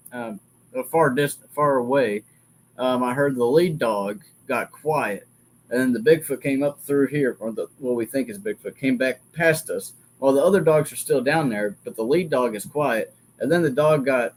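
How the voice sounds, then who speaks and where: A man's voice: medium pitch, moderate pace, a little hiss or hum, low-quality recording. A man in casual chat, chiming in with short details and agreement as a guest. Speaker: guest adding to the story.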